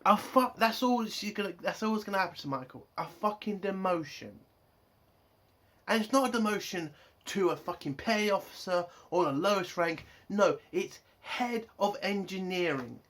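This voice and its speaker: Angry vlog reviewer, constant swearing, exasperated, ranting delivery, mid-pitched voice. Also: animated, moderate pace, fairly bright tone. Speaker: TV show reviewer.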